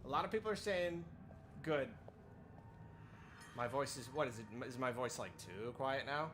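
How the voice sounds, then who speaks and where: Over a noisy background, including faint awards-show music from a TV, a live streamer fixes his desk-mic sound. He speaks at medium pitch and moderate pace, animated, apologetic and flustered, laughing at himself as he chats.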